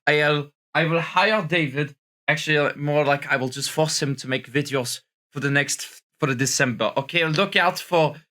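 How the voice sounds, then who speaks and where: A man's voice: a little high, moderate pace, pushed and bright. A young man doing comedic reaction commentary as a streamer in a put-on French accent that slips toward American, sounding tired and exaggerated, with stammering restarts and crude asides. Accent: put-on French accent, slipping toward American.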